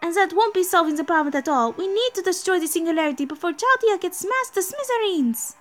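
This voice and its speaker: A woman voicing a confident woman inventor in a game, reading the lines aloud in a brisk, urgent manner. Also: very high-pitched, lively intonation, a bit bright, soft background music, pitched above the performer's own voice.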